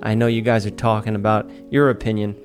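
A man from Staten Island, delivering an animated, profane, mock-outraged monologue as a podcast host, with faint music behind him. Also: lowish voice, brisk. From Staten Island, New York. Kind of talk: ranting comedic monologue. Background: faint sad music.

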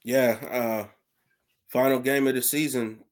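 Upbeat dude on a sports podcast, casual, agrees a lot. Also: male voice, mid-range voice, steady tone, measured pace. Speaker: podcast co-host.

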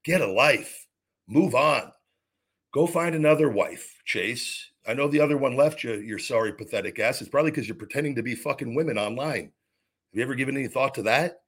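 A man's voice: medium pitch, expressive, moderate pace, a bit bright, slightly rough. A man hosting his own podcast, delivering a heated, profane rant full of repeated restarts. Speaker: podcast host. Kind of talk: podcast monologue.

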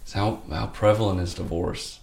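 A man's voice: low-pitched, steady tone, moderate pace, gravelly, darkish tone. A man speaking as an interview guest, telling a candid personal story in a rambling, heartfelt way full of fillers.

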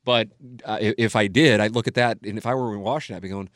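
A man's voice: fairly low pitch, fairly even intonation, fast, fairly bright tone, dry recording, clean studio sound. Blunt, swearing middle-aged male podcast host. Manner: emphatic, blunt, swears freely. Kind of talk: casual opinionated podcast talk.

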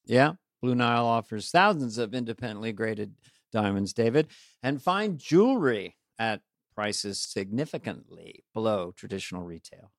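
A man's voice: on the low side, very animated, moderate pace, vocal fry, no echo, studio quality. A man co-hosting a podcast, reading an ad playfully with chuckling asides. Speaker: podcast co-host. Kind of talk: playful host-read ad.

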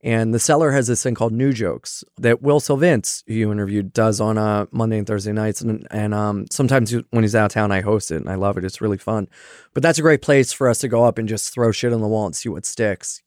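A man's voice: fairly low pitch, fast, darkish tone, no echo, studio quality. Casual, swearing male stand-up comic. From Philadelphia area. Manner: loose and conversational, with frequent fillers and swearing. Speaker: stand-up comedian. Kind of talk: casual interview chat.

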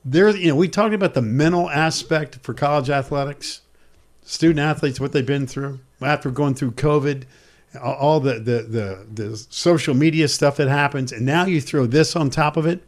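A man's voice: fairly high pitch, moderate pace. A man hosting a sports talk discussion, speaking earnestly and emphatically.

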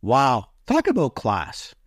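A sports broadcaster, a man, telling excitable stories as a guest on a podcast interview. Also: medium pitch, takes it slowly, no room sound, studio quality. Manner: animated, excitable storyteller.

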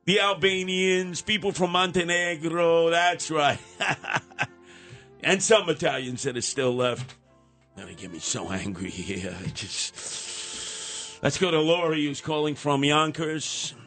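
A man's voice: fairly high pitch, expressive, takes it slowly, a bit bright, faint music behind. An older man hosting a radio talk show, rambling and wisecracking as he ribs his younger co-hosts. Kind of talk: casual talk radio banter.

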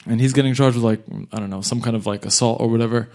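Young man telling a live comic story. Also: medium pitch. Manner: animated, acts out other people's lines in quick bursts. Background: audience laughter.

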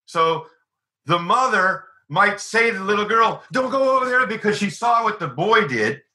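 Male author guest; keen, piercing voice on the higher side; lively anecdotes. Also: unhurried, low-quality recording. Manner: animated, acts out quoted voices. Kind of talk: conversational storytelling.

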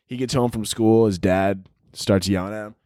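A man hosting his own podcast in a rambling, profane comedic monologue that breaks into loud yelled bits. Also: fairly low pitch, fairly even intonation, normal speed, no room sound, clean studio sound. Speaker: podcast host.

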